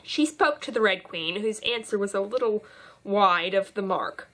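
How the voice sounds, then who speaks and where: A woman's voice: medium pitch, moderate pace, a bit bright. A woman narrating an audiobook as a volunteer reader, with occasional stumbles and restarts.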